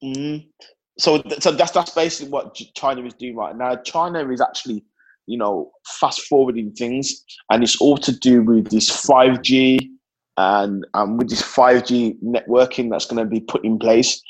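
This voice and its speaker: Husky-voiced man, halting. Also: mid-range voice, darkish tone, rough recording. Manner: halting, repeats words, earnest. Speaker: podcast co-host. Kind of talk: casual chat.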